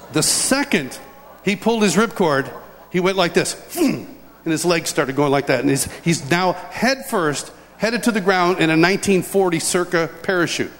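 A man's voice: high-pitched, animated, a little slow, a bit bright. Older guy preaching, personal story, chuckles and stumbles a bit, long echo off the hall. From upstate New York. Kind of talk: sermon storytelling.

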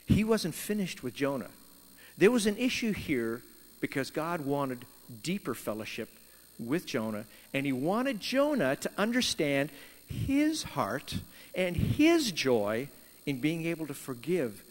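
Animated preacher man in a reverberant hall. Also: on the high side. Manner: animated storytelling, voicing Jonah and God in quoted lines. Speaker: pastor. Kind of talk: sermon.

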